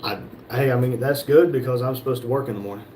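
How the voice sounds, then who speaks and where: A man's voice: mid-range voice, fast talker, a little mellow, slight background noise. A man from North Carolina, hosting a casual livestream and reading viewer comments aloud with joking replies. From North Carolina, USA. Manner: reads viewer comments aloud and jokes back. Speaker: livestream host reading chat. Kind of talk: casual live chat.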